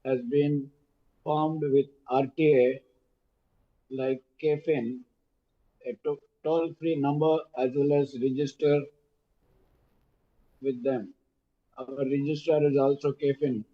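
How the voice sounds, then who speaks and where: An Indian man speaking as a shareholder over a video call, making measured, formal suggestions. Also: medium pitch, flat delivery. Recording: dull lo-fi call audio.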